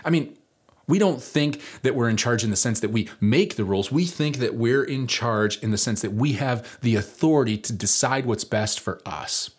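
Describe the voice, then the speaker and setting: A man preaching a sermon, telling a personal story in a relaxed, conversational way with many fillers. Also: mid-range voice, moderate pace, breathy edge. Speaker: pastor.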